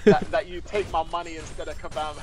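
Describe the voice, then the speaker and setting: A man with a fairly high, evenly pitched voice talks fast over crowd noise. Co-hosting a game livestream as a guest commentator, he reads donation messages aloud in casual chat, giggling and laughing often between them.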